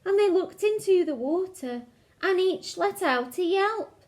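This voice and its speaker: High-voiced woman reading a children's story. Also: measured pace. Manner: expressive, asks the listeners questions. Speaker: teacher. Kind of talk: reading a picture book aloud to children.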